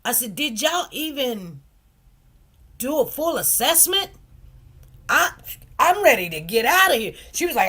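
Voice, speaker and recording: Slow, emphatic woman telling a story. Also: high voice, big pitch swings, pushed and bright, husky. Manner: emphatic, repeats phrases, addresses viewers as "you guys". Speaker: commentary channel host. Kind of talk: casual storytelling to viewers.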